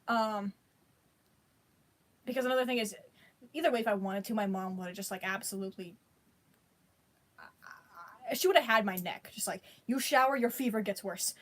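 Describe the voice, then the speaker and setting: A woman's voice: medium pitch, a bit bright. A woman vlogger telling a personal story in a rambling, slangy way, full of restarts and bursts of laughter. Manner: breaks into laughter while telling it. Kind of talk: casual storytelling.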